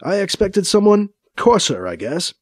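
A man's voice: high-pitched, sing-song, dry recording, clean studio sound, voice pushed up. A man voicing a wry, knowing male commander. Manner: measured, wry, authoritative. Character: calm, knowing male base commander with telepathy.

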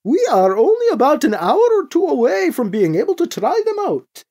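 Brief: narrator putting on an upbeat male engineer, clearly higher and brighter, chirpy and a bit naive. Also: huge pitch swings, moderate pace, heavily acted. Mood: cheerful.

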